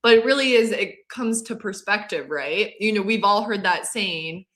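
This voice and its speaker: A woman's voice: medium pitch, normal speed, fairly bright tone. A woman who is a mental performance coach, a podcast guest explaining her advice and often checking in with "right?". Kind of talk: casual podcast interview.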